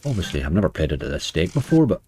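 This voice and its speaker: A man's voice: deep voice, sing-song, rapid-fire, mellow, faint music behind. A man giving casual running commentary while playing, chatty and talking to the game as he goes. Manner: chatty, muttering to the game and cheering it on. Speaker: slots streamer. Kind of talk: casual commentary over gameplay.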